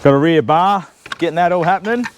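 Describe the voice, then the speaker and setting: A man's voice: a little high, quick pace, background noise. A man with an Australian accent, chatting and joking casually while working on a car in his shed. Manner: jokey, teasing, chatty. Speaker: channel host. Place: home shed workshop.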